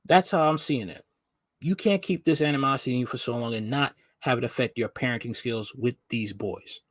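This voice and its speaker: A man's voice: medium pitch, a little fast, dry recording, clean studio sound. A man hosting a reaction commentary, talking in an emphatic, lecturing way and repeating his points. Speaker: host.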